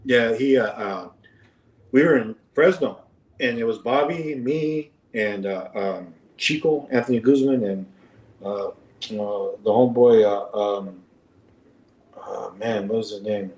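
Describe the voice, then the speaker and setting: A man's voice: unhurried, a little mellow. Male podcast guest, rambling anecdotal delivery, distant and roomy. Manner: rambling, full of fillers, acts out quoted lines in a higher voice. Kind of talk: casual storytelling. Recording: roomy and off-mic.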